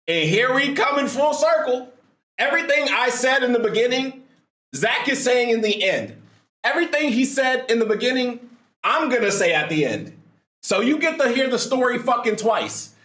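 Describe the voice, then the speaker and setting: Excitable man with a roomy echo. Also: very high voice. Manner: excitable, profane, laughing banter. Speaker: reaction video host. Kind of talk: casual reaction commentary.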